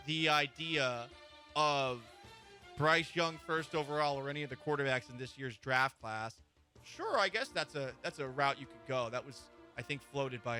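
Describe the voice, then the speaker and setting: A man's voice: medium pitch, sharp tone. A man hosting a sports talk radio show, opinionated and joking as he riffs on football. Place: radio studio.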